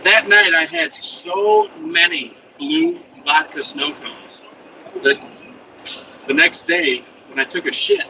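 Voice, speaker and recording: Guy rambling and cussing thru a story in his truck cab, loud engine noise, kinda far from the mic. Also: fairly high pitch, wildly swooping pitch, unhurried, gravelly. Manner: profane, rambling, chuckling. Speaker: vlogger telling a story. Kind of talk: casual storytelling.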